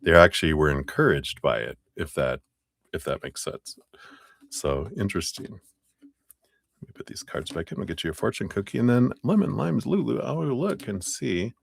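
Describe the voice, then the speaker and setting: A man's voice: deep voice, animated, moderate pace, vocal fry, breathy edge, no echo. A man hosting a live tarot reading stream, chatting casually, often apologizing and laughing between readings.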